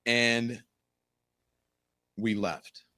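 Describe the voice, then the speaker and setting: A middle-aged man hosting his own show, telling a story in a casual, animated way, acting out quoted voices and swearing freely. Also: medium pitch, very slow. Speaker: show host.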